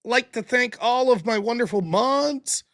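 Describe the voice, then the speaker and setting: A man's voice: very high-pitched, measured pace, fairly bright tone, dry recording, studio quality. A man hosting his own live stream, chatting casually in a loose, rambling way and swearing freely. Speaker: live streamer and show host. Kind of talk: casual late-night live stream chat.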